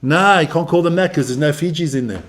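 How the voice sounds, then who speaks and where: A fairly high-voiced man runs a live rugby watch-along. His talk is brash and loose, full of swearing, teasing and jokes, and he keeps turning to talk to his viewers. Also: fast talker. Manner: brash, profane, joking banter; chatty, talks to viewers and people nearby. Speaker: live stream host.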